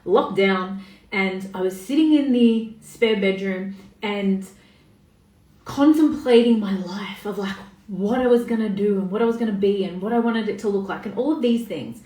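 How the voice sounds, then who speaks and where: A woman's voice: mid-range voice, normal speed, dark tone. A woman, talking casually on a live stream as a coach, swearing freely and greeting viewers by name. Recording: echoey room, voice a bit far off.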